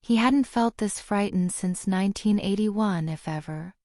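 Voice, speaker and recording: Mellow woman narrating an audiobook. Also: medium pitch, unhurried, dry recording, clean studio sound. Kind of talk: scripted narration.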